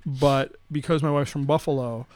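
A man's voice: medium pitch, steady tone, moderate pace, darkish tone. A middle-aged man, co-hosting a podcast in upbeat, chatty, agreeable talk. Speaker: podcast co-host. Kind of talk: casual chat.

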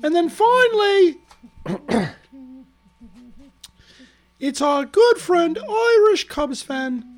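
A woman hosting a podcast, reading listener milestones in a chatty, easily amused way. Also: high voice. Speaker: podcast host. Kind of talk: casual podcast announcements.

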